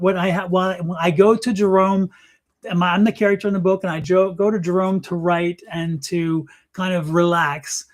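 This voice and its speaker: A man co-hosting a live stream, talking in a chatty, rambling way about his books. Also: high voice. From Arizona. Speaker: co-host and author. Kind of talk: casual live-stream chat.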